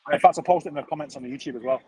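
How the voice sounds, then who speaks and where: A man's voice: fairly high pitch, racing, dark tone, rough recording. A man, telling a rambling, chatty story full of slang as a streamer. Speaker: football streamer. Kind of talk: casual storytelling chat.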